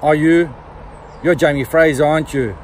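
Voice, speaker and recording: A Scottish man reading out a young woman's lines from a book, in his own voice pitched a little higher and louder. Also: steady tone, moderate pace, a little hiss or hum, natural voice. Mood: uncertain. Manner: read aloud from a book, raised and louder. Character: young woman meeting her long-lost father.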